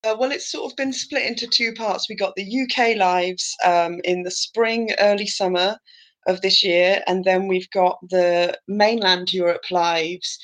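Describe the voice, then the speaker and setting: A woman's voice: medium pitch, fairly even intonation, unhurried, a bit bright. Enthusiastic British woman guest. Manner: enthusiastic, searches for words. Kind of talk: casual podcast chat.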